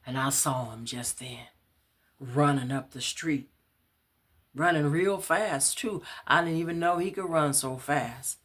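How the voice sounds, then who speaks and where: Soft-spoken woman reading her own story. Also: husky. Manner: unhurried, conversational, soft and low at times, stops to find her place. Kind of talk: first-person storytelling in Southern Black vernacular.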